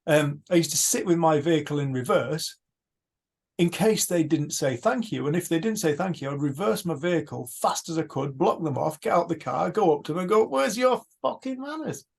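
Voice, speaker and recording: Guy hosting a retreat on a call, earnest and lively, highish voice. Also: a little fast, vocal fry, husky. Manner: earnest, animated storytelling. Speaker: retreat host. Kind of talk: casual reflective talk.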